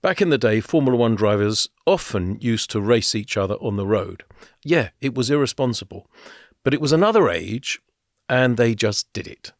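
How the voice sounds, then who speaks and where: A man co-hosting a podcast, talking in a loose, storytelling way with the odd "uh" and "anyway". His voice sits at an ordinary middle pitch. The sound is close and dry, with no room around it. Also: lively intonation, moderate pace, no room sound. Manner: chatty, storytelling, with fillers and laughs. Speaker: podcast co-host. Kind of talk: casual podcast chat.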